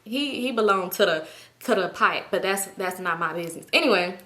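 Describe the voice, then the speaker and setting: A woman casually telling a storytime to viewers, chatty and animated, speaking straight to them and acting out what her friends said. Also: mid-range voice, brisk. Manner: acts out friends' lines in shifting voices. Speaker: storytime YouTuber.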